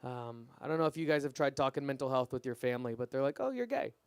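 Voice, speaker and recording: A young man performing a stand-up comedy set at an open mic, deadpan and self-deprecating, his punchlines trailing off quietly. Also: medium pitch, fast, smooth, no room sound. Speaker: stand-up comic.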